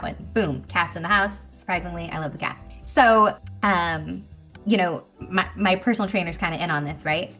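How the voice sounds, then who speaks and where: A woman in her thirties telling a story to a group in a chatty, animated way, acting out what people said. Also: on the low side, a little fast, faint music behind. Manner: animated, chatty, acts out quotes. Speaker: speaker at a women's business meeting. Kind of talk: casual storytelling talk to a group.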